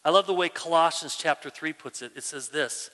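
A male pastor with a bright, forceful, fairly high voice delivers an animated sermon. He repeats phrases for emphasis and sometimes sinks into a hushed, prayerful tone. His voice carries a long reverb from a large church hall. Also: fairly quick. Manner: emphatic, animated preaching with frequent repetitions; drops to a hushed, near-whispered prayer voice at times.

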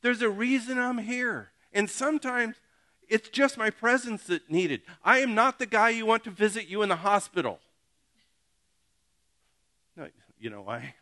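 A middle-aged man preaches in a loose, conversational way, cracking jokes and checking in with his congregation. His voice sits a little high and sounds bright and forward. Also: unhurried. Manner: joking, animated, talks to the congregation directly. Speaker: pastor. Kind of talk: casual conversational sermon.

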